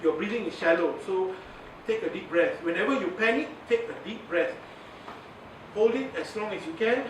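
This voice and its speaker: Man, Malaysian English accent, high voice, chatty workshop lecturer, recorded from far off. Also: moderate pace. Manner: chatty, laughs often, mixes in Malay words. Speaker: media communication trainer. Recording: echoey, from far off, noisy.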